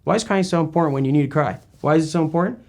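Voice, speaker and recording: A man's voice: fairly high pitch, rapid-fire, gravelly, a little mellow. A man interviewing a guest in a casual talk, rambling and emphatic with many restarts.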